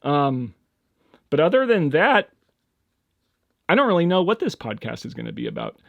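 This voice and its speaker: A young man hosting a casual solo podcast, rambling and hesitant, full of fillers and restarts, with sudden high-pitched bursts. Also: wildly swooping pitch, normal speed, creaky, no room sound, dull audio. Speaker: podcast host.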